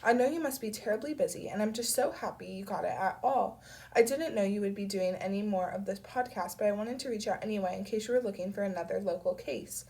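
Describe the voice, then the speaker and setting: A warm, effusive middle-aged mother rambles on a phone call, as voiced by a woman reading aloud. Her voice has a gravelly edge and sounds stuffed up from a cold. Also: medium pitch, fast, natural voice. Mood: eager.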